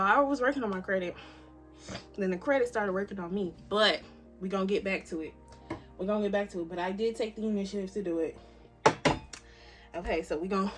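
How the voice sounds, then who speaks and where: A woman in her early twenties chatting casually to camera in a vlog, animated and talkative, swinging from loud to soft. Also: mid-range voice. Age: 20s. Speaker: vlogger. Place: cabin.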